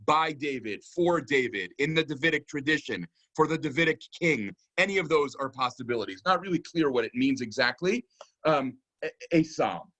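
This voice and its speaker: A man's voice: on the high side, animated, normal speed, fairly bright tone. Thoughtful man teaching a psalm. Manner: thoughtful, explanatory, many "um"s and "right?" checks. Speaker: rabbi teaching a keynote lecture. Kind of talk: Torah lecture on a psalm.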